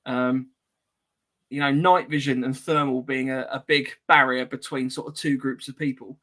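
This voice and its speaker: A man co-hosting a podcast, speaking in a measured, slightly hesitant way in casual chat. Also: mid-range voice, steady tone, pushed and bright. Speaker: podcast co-host.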